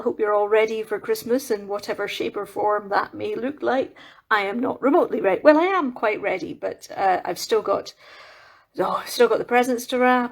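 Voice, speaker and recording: A woman with a slightly high voice chats her way through a home craft livestream. She rambles warmly from one thought to the next, full of fillers and quick self-corrections. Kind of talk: casual live-stream chat while crafting.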